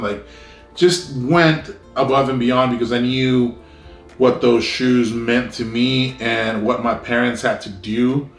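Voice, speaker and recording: A man's voice: medium pitch, reverberant. A man in his thirties with an American accent, casually telling a rambling childhood story full of fillers. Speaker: vlogger.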